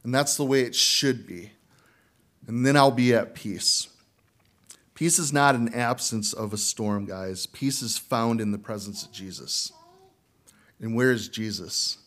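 A man preaching a sermon in an easy, conversational way, speaking at a middle pitch. He keeps turning to the congregation with questions. At moments he jumps up high to act out frightened figures from the story. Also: a little slow, fairly bright tone. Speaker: pastor.

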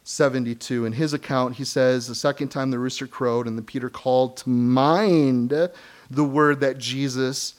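A middle-aged man preaching a sermon, earnest and emphatic, breaking into short laughs and quick asides. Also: mid-range voice, fairly even intonation. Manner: acts out quoted voices of kids and believers. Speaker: pastor.

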